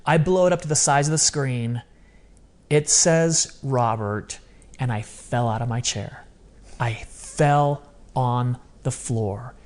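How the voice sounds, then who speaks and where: A man in his fifties, a podcast guest, telling a personal story in a lively, emotional way with quick asides. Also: mid-range voice. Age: 50s. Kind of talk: conversational storytelling.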